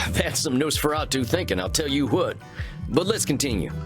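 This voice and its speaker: Actor as a drawling Southern cowboy vampire therapist, easygoing, animated pitch, music behind. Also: male voice, moderate pace, natural voice. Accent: Southern American. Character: laid-back cowboy vampire therapist man. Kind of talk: video game voice acting.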